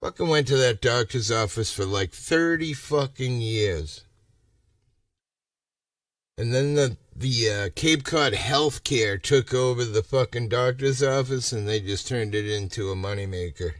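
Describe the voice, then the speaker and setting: A man's voice: mid-range voice, a little slow, dry recording, clean studio sound, recorded from a distance. A man from Massachusetts chatting on a casual livestream, rambling and ranting with a lot of swearing. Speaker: livestream host.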